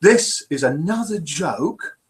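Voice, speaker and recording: A man's voice: on the high side, takes it slowly. A man with a British accent hosting a live web show from a small room, chatting casually and reading out viewers' names. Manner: chatty, relaxed, reads out viewers' names and comments. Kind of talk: casual live-stream presenting. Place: small home studio room. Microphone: webcam live broadcast.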